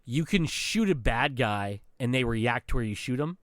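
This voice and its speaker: A man's voice: mid-range voice, normal speed, no echo, studio quality. A man co-hosting a podcast, telling gaming stories in casual chat, swearing and acting out quotes. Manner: animated storytelling, swearing, acts out quotes. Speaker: podcast co-host.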